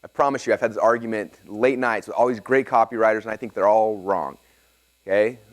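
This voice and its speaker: A man teaching a live seminar to an audience and taking their questions, energetic and excitable, often checking in with "okay?". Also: lowish voice, brisk. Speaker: seminar presenter.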